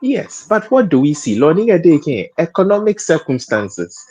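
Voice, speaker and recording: A man's voice: a little high, big pitch swings, normal speed, dark tone, husky. A man speaking as a panel guest in a studio discussion, hesitant, repeating words and laughing often.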